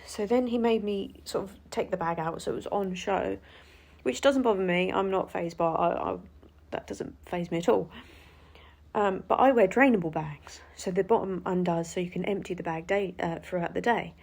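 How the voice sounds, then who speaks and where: A woman's voice: on the low side, normal speed, gravelly, darkish tone. A woman telling an indignant story to camera, swearing freely and acting out what was said. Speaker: vlogger.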